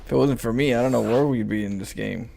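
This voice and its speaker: A man's voice: mid-range voice, fast talker, vocal fry, mellow, a little hiss or hum. A man chatting playfully and laughing easily with a friend while they play a video game. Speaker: gamer co-hosting a game session. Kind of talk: casual chat while playing a video game. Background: game music and sounds.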